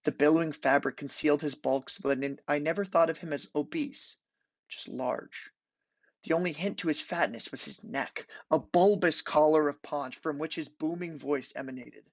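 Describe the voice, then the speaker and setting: Young guy reading his thesis prose, slow and deliberate, gravelly, dull lofi sound. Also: on the high side, no room sound. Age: young adult. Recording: dull lo-fi recording.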